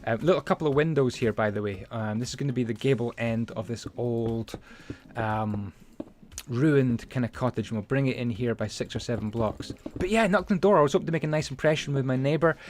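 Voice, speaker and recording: A man's voice: medium pitch, a little fast, slight background noise. A man hosting a casual game-building video, rambling chattily with plenty of fillers and asides as he tells stories. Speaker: Minecraft building channel host. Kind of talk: casual building commentary and storytelling.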